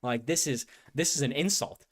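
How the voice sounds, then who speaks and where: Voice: mid-range voice, normal speed. A card game content creator ranting casually to viewers, exasperated and sarcastic. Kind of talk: casual ranting playtest chat.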